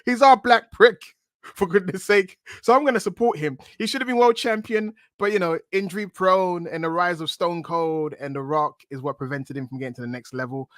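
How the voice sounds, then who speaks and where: A man riffs playfully as a podcast guest, rambling from joke to joke. His voice sits on the high side for a man. The call audio sounds dry and close. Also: fairly even intonation, brisk, fairly bright tone, no echo. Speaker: guest pundit. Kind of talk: casual podcast chat.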